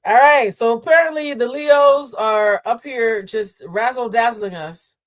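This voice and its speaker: A woman's voice: fairly high pitch, measured pace. A woman hosting a live tarot reading, chatting with viewers in a sassy, playful way. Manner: sassy, playful and chatty, calls listeners "child". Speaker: tarot card reader hosting a live stream. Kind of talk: casual live-stream tarot reading, answering chat.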